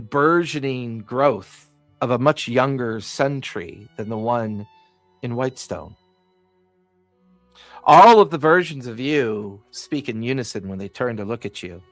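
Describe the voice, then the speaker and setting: A man narrating as the game master of a tabletop game, telling the story in a calm and measured way over an online call. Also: mid-range voice, no echo, soft background music.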